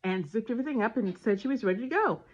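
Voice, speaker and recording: A woman casually telling a family story and giving parenting advice, animated and acting out the dialogue. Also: on the high side, fast. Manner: animated retelling with voiced dialogue. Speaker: parenting vlogger. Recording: dull lo-fi sound.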